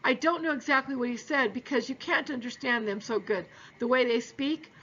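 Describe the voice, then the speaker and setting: A woman's voice: sits high, moderate pace, bright, forceful tone, muffled recording, a little hiss or hum. A woman voicing a frightened, grieving young boy who talks in a shaky, tearful, pleading way. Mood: shaken grief.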